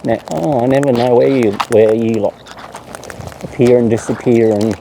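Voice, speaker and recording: A man's voice: medium pitch, steady tone, normal speed, vocal fry. A man chatting to wild birds outdoors in playful baby talk, full of coos and silly nicknames. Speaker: bird-feeding vlogger. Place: outdoors among wild cockatoos. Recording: noisy outdoor recording.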